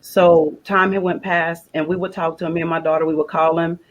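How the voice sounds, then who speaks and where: A woman's voice: lowish voice, little pitch movement, brisk, highs cut off. A woman, a guest on a faith broadcast, telling an emotional personal story in plain conversational speech and using religious phrasing. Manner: retells conversations in quoted dialogue, repeating phrases.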